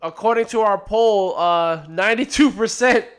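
Male co-host, high smooth voice, quiet short interjections, casual. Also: moderate pace. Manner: quiet, brief agreeing replies. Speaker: podcast co-host. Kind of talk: casual chat.

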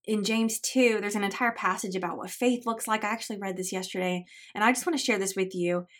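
A woman of middle pitch teaches a Bible study on her podcast, earnest and encouraging. She talks to her listeners like friends, especially moms, and moves from chatty asides into reading passages aloud. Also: fast. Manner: reads scripture and story passages aloud between chatty asides.

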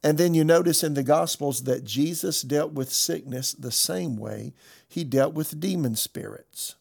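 A man's voice: on the high side, measured pace, vocal fry, breathy edge. A male pastor delivering a sermon with emphasis, reading scripture passages aloud.

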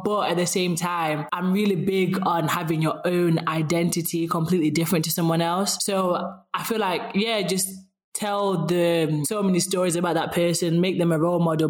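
A young woman from Zimbabwe with a Sheffield accent, a podcast guest chatting casually and animatedly, laughing often and saying "like" a lot. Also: fairly low pitch. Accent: Sheffield English. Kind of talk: casual conversation.

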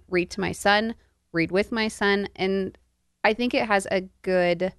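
Smooth, low-voiced woman on a book podcast. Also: no room sound, clean studio sound. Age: adult. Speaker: podcast co-host. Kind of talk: casual book discussion.

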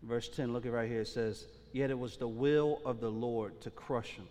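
A man with a warm, mid-range voice preaches a sermon as pastor at normal speed, with fairly even intonation. He speaks casually and slangily, often checking in with the congregation. The recording, made in a church sanctuary, has the long reverb of a large hall.

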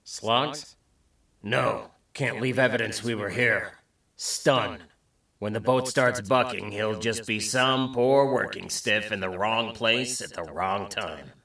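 A man voicing a cold, ruthless armored mercenary who speaks slowly and callously. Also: fairly low pitch, sharp tone, reverberant, distant mic, exaggerated voice. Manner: slow, gravelly, callous.

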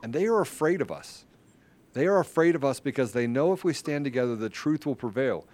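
A man's voice: medium pitch, expressive, a little fast. A middle-aged man hosting a political podcast, talking with fervor and frequent restarts. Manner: fervent, rambling, with many restarts, rising to rally-style shouting. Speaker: podcast host. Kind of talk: casual political talk show.

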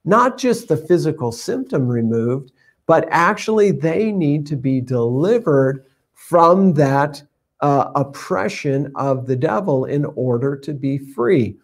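Man, stream preacher, chatty scripture teaching, fairly high voice. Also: expressive, slow. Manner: conversational, reads scripture aloud, many fillers. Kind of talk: informal Bible teaching.

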